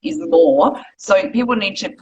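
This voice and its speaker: A woman's voice: mid-range voice, expressive, a little slow, darkish tone, highs cut off. A woman doctor, chatting casually on a podcast and explaining things with plenty of fillers. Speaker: GP guest.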